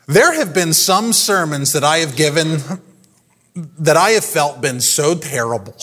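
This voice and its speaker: A pastor delivers a sermon in a high, lively voice that swoops up and down. His pace is unhurried, and he fires rhetorical questions at the congregation while frequently breaking into laughter.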